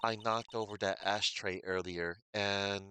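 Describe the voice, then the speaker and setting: A man voicing a sarcastic young male lawyer in a low, dry delivery, while reading a game aloud. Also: steady tone, unhurried, sharp tone, slight background noise.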